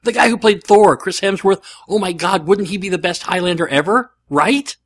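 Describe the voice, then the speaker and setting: A man's voice: high-pitched, brisk, no echo. A man hosting a podcast, talking casually and rambling animatedly, with frequent fillers and restarts. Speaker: podcast host. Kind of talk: casual solo podcast monologue.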